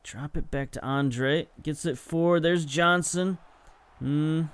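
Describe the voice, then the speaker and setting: Taking it slowly in a smooth voice on a dry recording, a young gaming host narrates highlights from a football management game. The commentary is relaxed and chatty, with bursts of excitement at chances and self-corrections throughout.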